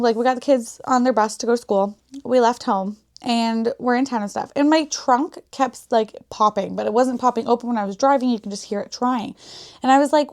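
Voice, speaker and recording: A woman's voice: on the high side, fairly quick, a little mellow. A woman hosting a casual podcast, telling stories bluntly with a lot of swearing and quoted asides. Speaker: podcast host. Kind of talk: casual chat.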